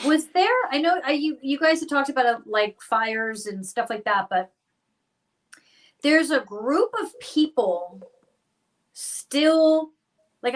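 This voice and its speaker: Woman remote viewer, high and unhurried, stop-start and squeamish. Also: a bit bright. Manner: halting, full of restarts and squeamish exclamations. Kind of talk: casual live chat.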